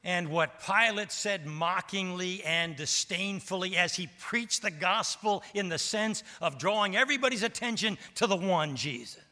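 A man's voice: high-pitched, animated, moderate pace, few pauses, sharp tone. A male pastor preaching an emphatic sermon and calling on the congregation for responses. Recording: long hall reverb.

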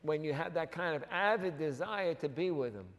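A man preaching a sermon as pastor, animated and jokey, with quick asides to the congregation. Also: on the high side, long reverb tail. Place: church hall.

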